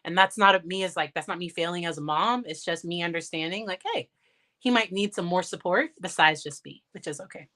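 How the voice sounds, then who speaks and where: A woman's voice: fairly low pitch, fairly quick, fairly bright tone. A woman psychologist chats candidly with her viewers over a phone livestream. She laughs often and restarts her sentences as she goes. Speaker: licensed psychologist and parent. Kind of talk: casual livestream Q&A.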